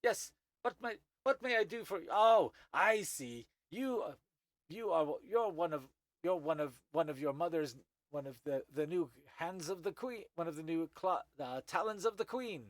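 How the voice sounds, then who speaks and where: A man's voice: fairly high pitch, animated, normal speed, no echo, pitched above the performer's own voice, natural voice. Fussy old insect artificer, raised bossy voice, dry recording; man performing. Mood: brisk. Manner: fussy, distracted, barking orders.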